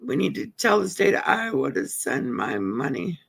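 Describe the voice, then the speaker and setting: A woman's voice: deep voice, big pitch swings, moderate pace, creaky, slightly rough. A middle-aged woman livestreaming from her living room, rambling in casual chat as if talking to herself. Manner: chatty, talks to herself. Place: living room at home by a window.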